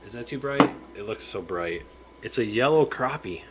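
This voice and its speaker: A man speaks at a moderate pace in a lowish, expressive voice against heavy background noise. He's hosting an easygoing live stream from his home fish room with its aquariums, chatting freely, greeting viewers by name, and occasionally stumbling over his words.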